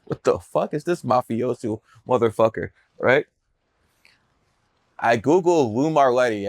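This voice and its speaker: Brash, profane and boastful, a podcast guest who works as a numerologist shares casual stories about his career. He's from the Cleveland area, USA, and his voice is on the low side. It's recorded at studio quality, with no echo.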